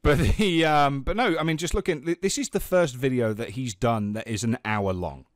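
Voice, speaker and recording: A man hosting a casual podcast chat, speaking in what he calls a monotone. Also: mid-range voice, normal speed, no echo, studio quality. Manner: self-described monotone delivery. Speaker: podcast host.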